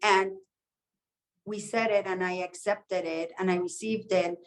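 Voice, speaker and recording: A woman's voice: mid-range voice, steady tone, unhurried, poor audio. A woman co-hosting a podcast, chatting casually and reflecting in long flowing thoughts. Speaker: podcast co-host. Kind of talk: casual chat.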